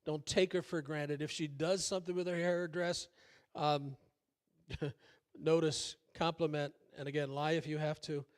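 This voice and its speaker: An older man preaches as a church pastor, with a voice that sits a little higher than most men's. He talks in a folksy, conversational way, full of fillers and joking asides at his own expense. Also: little pitch movement, unhurried, smooth. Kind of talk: sermon. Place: church sanctuary.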